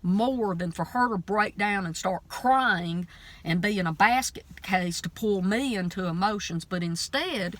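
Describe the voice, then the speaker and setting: A woman's voice: mid-range voice, unhurried, a bit bright. A middle-aged woman telling a story in a casual faith vlog, earnest and emphatic, with a preacher's fervor. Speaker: preacher and vlogger. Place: out running errands between stores.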